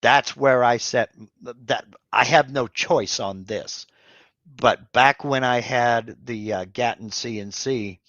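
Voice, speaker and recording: A man's voice: mid-range voice, slow pace, a bit bright, dry recording, lo-fi sound. A man hosting a live Q&A stream, answering viewer questions off the cuff with many fillers and restarts. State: has hiccups.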